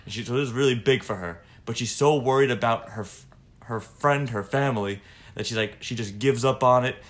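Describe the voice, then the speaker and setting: A man chatting casually, retelling a film scene in a rambling, animated way with many fillers. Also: mid-range voice, fairly quick. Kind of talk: casual chat.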